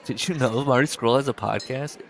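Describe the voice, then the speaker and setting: A man's voice: medium pitch, fairly quick. A man co-hosting a podcast, telling a rambling story in casual chat, full of fillers and restarts. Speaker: podcast co-host.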